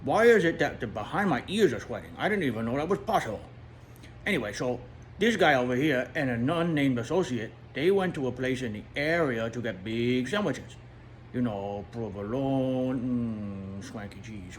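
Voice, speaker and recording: A man's voice: medium pitch, animated, normal speed, slight background noise, lightly acted. A man voicing a chatty, jokey male toy dog who rambles, repeats words and laughs at his own jokes. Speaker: storyteller host. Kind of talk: comic storytelling monologue.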